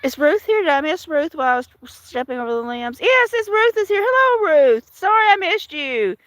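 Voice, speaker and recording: Lively high-voiced woman streaming outdoors. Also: normal speed, dry recording. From Washington state. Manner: chatty, greets viewers by name, laughs often. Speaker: live streamer. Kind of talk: casual live-stream chat. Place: outdoors in a storm-damaged yard.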